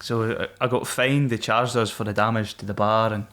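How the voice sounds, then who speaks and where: On the low side and at a normal speed, this Scottish ex-Royal Marine swaps stories on a podcast. He's casual and animated, swearing freely and laughing partway through his tales.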